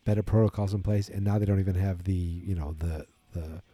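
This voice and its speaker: A tired man hosts his own wrestling talk show, rambling casually through solo commentary full of fillers and restarts. His voice is low, steady, warm, and a little fast, with no room sound.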